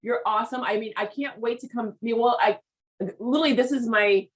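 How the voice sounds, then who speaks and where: A Haitian American woman from the United States with an American accent hosts a casual interview on her podcast, sounding eager and gushing. Her voice sits on the high side and moves fairly quickly, peppered with "like" and "I mean," though the audio quality is poor.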